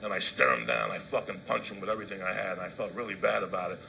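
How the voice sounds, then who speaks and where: A middle-aged man telling a stand-up story, profane, swinging from loud outbursts to low asides. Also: very animated, racing, vocal fry, poor audio. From New Jersey. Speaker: comedian.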